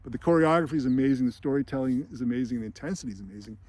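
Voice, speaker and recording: A man's voice: mid-range voice, very fast, darkish tone. A man hosting a podcast, retelling a film sequence in a loose, chatty way with lots of fillers and small laughs. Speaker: podcast host. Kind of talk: casual film commentary.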